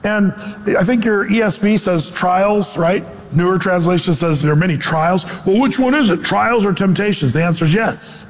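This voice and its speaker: A man preaching a conversational sermon as pastor, animated and acting out quotes in voices. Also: sits high, normal speed, long reverb tail.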